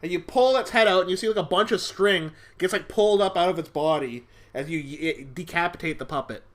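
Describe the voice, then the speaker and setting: A man narrating a tabletop game as game master, animated and hesitant with many fillers. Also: high-pitched, brisk.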